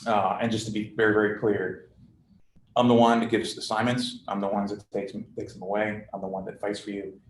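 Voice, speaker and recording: A man commanding a squadron speaks to his officers in a blunt, conversational way, peppering his account with military shorthand and easy fillers. His voice sits low, and the room around him rings with a noticeable echo over a faint hum of ambience. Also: little pitch movement, a little fast. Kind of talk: candid briefing to his officers.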